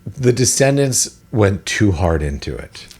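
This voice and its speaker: A man's voice: fairly low pitch, big pitch swings, a little slow, a little mellow, slightly rough. A man co-hosting a podcast in casual chat, opinionated and rambling with restarts. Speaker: podcast co-host.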